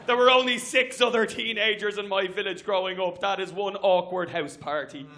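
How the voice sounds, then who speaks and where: Irish male stand-up, very high voice, quick crowd work, stage mic in a comedy venue. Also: steady tone, bright, forceful tone. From Ireland. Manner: brisk, chatty, works the crowd with asides. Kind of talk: stand-up set.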